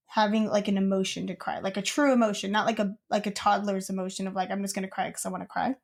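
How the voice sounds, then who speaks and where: A woman's voice: medium pitch, level tone, quick pace, creaky. Chatty young woman telling a story. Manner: rambling storytelling with many "like"s. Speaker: podcast co-host. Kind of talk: casual chat.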